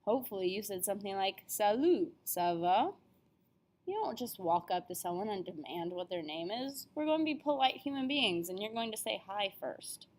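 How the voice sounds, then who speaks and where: A young adult woman talks through a beginner language lesson. She sounds upbeat and is careful over every vowel. She speaks at a middle pitch. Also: lively intonation, a little fast, few pauses. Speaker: French teacher. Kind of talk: classroom lesson video.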